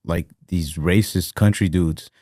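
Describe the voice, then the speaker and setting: A man's voice: deep voice, fairly even intonation, unhurried, mellow, no room sound, clean studio sound. A young man co-hosting a podcast, telling rambling, profane work stories in a casual chat with quoted voices. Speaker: podcast co-host.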